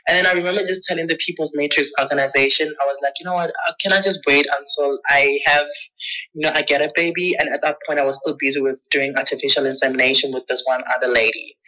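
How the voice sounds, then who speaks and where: A woman's voice: fast talker, low-quality recording. A woman being interviewed, candidly telling a personal story with emotion and acting out past conversations in her own voice. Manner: emotional, acts out past conversations with lively pitch jumps; checks in with the listener often. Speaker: interview guest.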